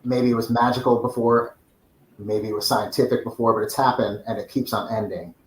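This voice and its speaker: A man's voice: mid-range voice, fairly even intonation, a little fast. A man, a book author and podcast guest, chatting easygoingly, laughing often and chiming in with short reactions. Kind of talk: casual chat. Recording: roomy echo.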